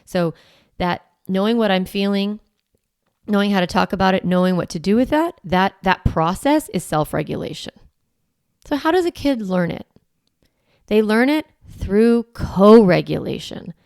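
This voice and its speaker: A woman in her forties hosts a parenting podcast in a chatty, coaching tone. Her voice carries a gravelly fry at the ends of phrases. The sound is close and dry, with no room around it. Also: medium pitch, lively intonation, normal speed, a little mellow, no echo. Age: 40s. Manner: conversational and reassuring, often asking "right?". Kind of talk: solo podcast teaching.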